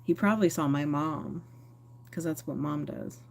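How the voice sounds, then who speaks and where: A woman's voice: deep voice, normal speed, gravelly, a little mellow, slight background noise. A woman chatting candidly and rambling on a phone livestream, answering viewer comments. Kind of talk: casual live-stream chat.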